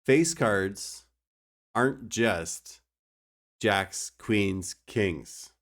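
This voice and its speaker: A young man talks through a card game for his live chat in a low, unhurried voice. He jokes with viewers as he plays. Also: animated, a bit bright. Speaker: streamer. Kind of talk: casual gameplay commentary.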